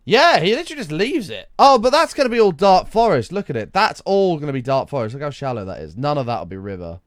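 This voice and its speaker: A man streams a game, muttering asides, thanking viewers, and casually reacting to a tutorial video. His fairly high voice is sing-song and quick, captured with clean studio sound, no echo, and faint background music.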